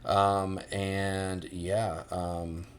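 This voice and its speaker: A man's voice: deep voice, flat delivery, drawn-out words, a little hiss or hum. An American man giving a casual boot review, rambling with many fillers and restarts.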